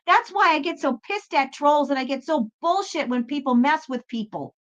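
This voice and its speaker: A woman's voice: high voice, normal speed. A woman hosting a spiritual pep talk, blunt and profane, swearing freely and with emphasis. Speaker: tarot reader and spiritual channel host. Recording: slightly dull lo-fi sound.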